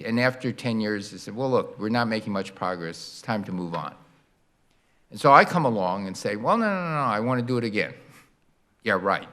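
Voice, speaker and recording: An older man lecturing on science in a hall, with a middle-pitched voice. He is lively and playful, acting out little sound effects and demonstrations as he explains. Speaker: guest lecturer.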